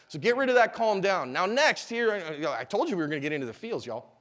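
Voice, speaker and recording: Guy in his 40s teaching a class, high voice, lively, keeps asking the room stuff. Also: fast talker, hardly any pauses, long reverb tail. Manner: animated, asks the audience questions. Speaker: self-defense instructor. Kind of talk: live class lecture.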